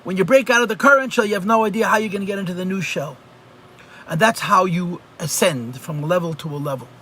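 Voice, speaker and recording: A man's voice: sits high, quick pace, sharp tone, slightly rough. A man teaching a live online class as a rabbi, talking conversationally and repeating phrases for emphasis. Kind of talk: live online Chassidus lesson. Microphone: computer mic on a video call.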